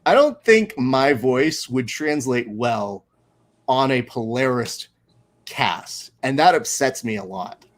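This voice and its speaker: A man's voice: mid-range voice, animated, slow pace. A man hosting a casual watch-along show, chatting and teasing his guest with frequent laughs. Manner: joking, teasing, laughs often. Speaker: show host.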